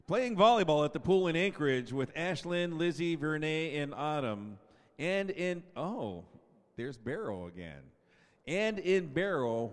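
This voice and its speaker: A man in his fifties on a public address mic, stretching each player's name into a long call and chatting between the names. His voice sits a little high and comes through smooth and resonant, with a long echo off the gymnasium walls. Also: very animated, a little slow. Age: 50s. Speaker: PA announcer. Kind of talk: senior night announcing. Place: school gym. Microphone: PA microphone. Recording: echoey gymnasium PA sound.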